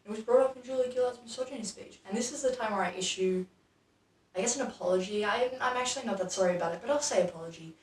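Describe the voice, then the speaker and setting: A woman's voice: mid-range voice, fast, distant mic. A chatty Australian woman hosting a quiz video, with wry commentary that often swears. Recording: echoey room, mic set back.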